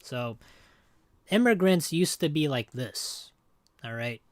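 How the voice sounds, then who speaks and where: A man's voice: on the high side, lively intonation, takes it slowly, no room sound. A man streaming a game, chatting casually and jokingly with his viewers in a rambling way. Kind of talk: casual livestream chat.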